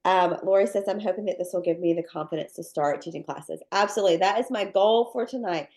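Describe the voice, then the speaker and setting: A woman's voice: lowish voice, quick pace, darkish tone. A woman with a head cold, her voice nasal and congested, hosting a live video-call class on cookie decorating and greeting people with upbeat welcomes and lots of fillers. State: congested with sinus drainage. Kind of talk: casual live webinar welcome.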